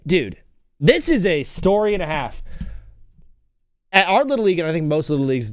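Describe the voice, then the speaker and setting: Young guy hosting a stream from home, rambly animated stories, kinda high voice. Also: dry recording, studio quality. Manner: rambling, animated storytelling with chanted cheers. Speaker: host. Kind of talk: casual live-stream chat.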